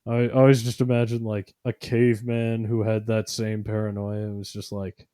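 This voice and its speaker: A podcast co-host with a lowish, warm voice speaks at normal speed with a flat delivery. He rambles through casual chat with lots of fillers and sarcastic mock voices, captured in a dry, clean studio recording.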